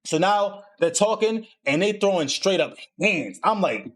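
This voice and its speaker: A young male podcast host recapping an anime for his stream swears freely and voices every character's lines in a casual chat. His voice sits slightly high for a man, and his excitable, loose delivery runs a little slow.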